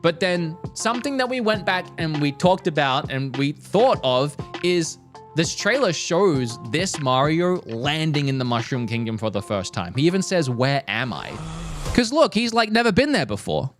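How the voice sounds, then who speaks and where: Young man, casual commentary, lively swooping pitch, somewhat high voice, faint music behind. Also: normal speed. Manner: lively, animated, frequent restarts. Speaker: streamer reviewing a trailer.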